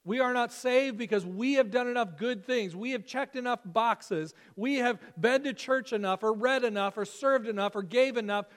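A man preaching a Sunday sermon as pastor, earnest and emphatic, slowing down to stress key phrases. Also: extremely high pitch.

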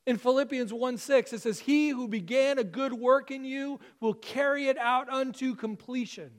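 High-voiced man preaching a sermon. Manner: earnest, repetitive emphatic preaching with slow stressed phrases. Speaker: pastor.

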